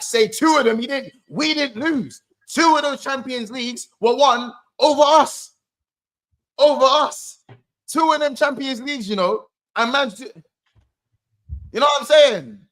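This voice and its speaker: Ranting man, high-pitched. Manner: ranting, slangy, animated. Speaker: football podcast host. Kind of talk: heated casual banter.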